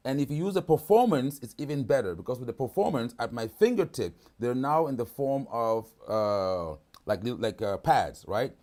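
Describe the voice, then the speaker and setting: A man's voice: mid-range voice, animated, moderate pace, few pauses, dark tone. A man hosting a live product demonstration over a video call, talking casually and often checking in with "right?". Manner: casual, keeps asking "right?".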